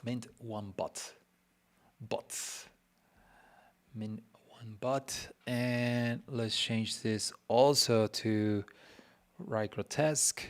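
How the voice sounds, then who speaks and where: A man streaming a casual design walkthrough who chats and mutters to himself, teasing himself along the way. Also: on the low side. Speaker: web designer streaming his work.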